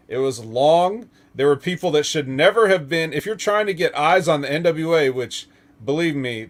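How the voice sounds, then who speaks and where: A man hosting a casual wrestling talk show, rambling through opinions, laughing and swearing freely. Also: mid-range voice. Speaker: podcast host.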